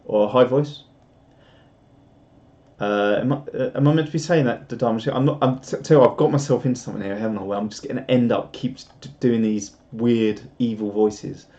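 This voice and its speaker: A man's voice: mid-range voice, steady tone, fairly quick, dark tone, lo-fi sound. A man rambling casually on a live stream, laughing at himself. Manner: rambling, self-mocking, laughs often.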